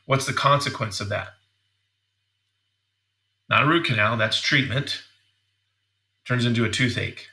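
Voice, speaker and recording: A middle-aged man coaching dental teams in a training seminar, energetic and repeating words as he acts out example questions. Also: mid-range voice.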